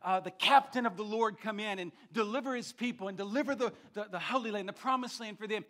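Male senior pastor, high bright voice, emphatic sermon delivery, repeats words, loud-to-hushed swings. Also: a little fast. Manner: emphatic preaching with frequent repetitions and restarts. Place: church sanctuary.

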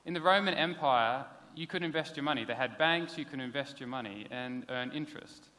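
A pastor, preaching a sermon in a casual, conversational way. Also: male voice, mid-range voice, fairly quick, bright, forceful tone. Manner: conversational, plain-spoken preaching with casual asides. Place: church hall. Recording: long hall reverb.

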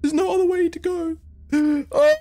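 A man's voice: extremely high pitch, steady tone, measured pace, dark tone. A young man giving panicky, swearing commentary while playing horror games, jumping between fear and mocking jokes. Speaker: gaming video creator.

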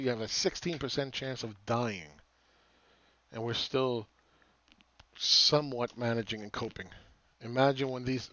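A man's voice: mid-range voice, fairly bright tone, dry recording, muffled recording. A man hosting a market commentary channel, ranting sarcastically with exasperation and repeating phrases for emphasis. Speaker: market analyst host.

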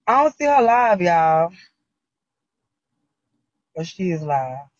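A man with a high, husky voice hosts a casual livestream, complaining again and again in an exasperated way. The sound is dry and close, and slightly muffled like lo-fi stream audio. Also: very animated, slow, no echo. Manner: exasperated, repetitive complaining with frequent laughs. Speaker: livestream host.

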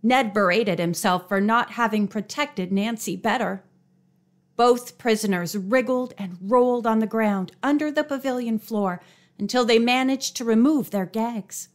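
A woman reading a mystery novel aloud as an audiobook narrator, expressive and raising her pitch for dialogue. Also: measured pace. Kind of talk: scripted narration.

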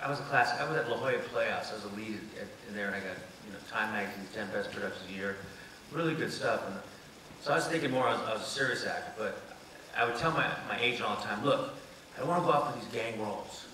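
A man's voice: on the low side, rapid-fire. A man, an actor and writer on a panel, telling comic anecdotes and acting out the voices in them, laughing often. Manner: animated, acts out voices in his stories, laughs often. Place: event space with audience. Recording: echoey room, distant mic, background noise.

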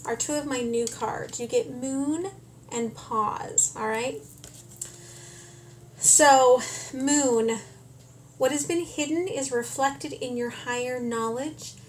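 Slow, calm woman tarot reader. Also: on the high side, a little hiss or hum. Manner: calm, frequent "okay?" check-ins. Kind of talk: tarot reading monologue.

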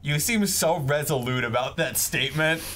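A man's voice: a little high, moderate pace, a bit bright. A young man teasing and joking wryly during a game playthrough. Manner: wry, teasing. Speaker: let's play commentator. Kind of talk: casual gaming chat.

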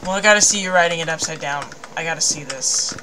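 A woman's voice: deep voice, fast talker, noisy background. A woman chatting casually while playing a game, giggly and rambling, often laughing at herself. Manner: giggly, rambling, self-deprecating. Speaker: gamer. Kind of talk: casual gameplay chat.

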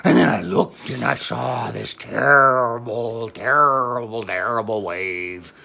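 A woman's voice: very deep voice, takes it slowly, pushed and bright, exaggerated voice. A woman voicing a boastful old male pirate captain who spins a rambling, theatrical yarn in a comedy sketch. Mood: excited. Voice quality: gravelly.

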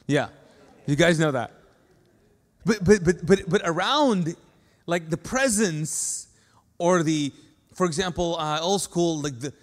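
Joking, conversational preacher in a big hall. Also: male voice, fairly high pitch, unhurried. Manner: conversational and joking, with acted-out quotes. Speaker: pastor. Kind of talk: sermon. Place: church sanctuary. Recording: long reverb of a large hall.

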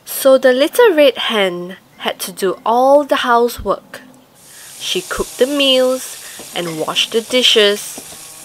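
A woman reading a children's picture book aloud, slow, sing-song and expressive. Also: on the high side. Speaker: storyteller.

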